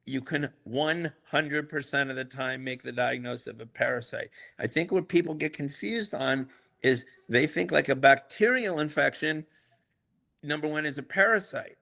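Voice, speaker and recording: Middle-aged male doctor co-host, gravelly and bright, blunt and emphatic, casual podcast chat. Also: on the high side, moderate pace. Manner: blunt, emphatic, frequent "okay?" check-ins.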